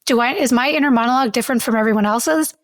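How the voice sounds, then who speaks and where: A woman co-hosting a podcast in a casual chat, curious and quick to laugh. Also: a little high, no echo. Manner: curious, laughs easily, asks questions. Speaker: podcast co-host.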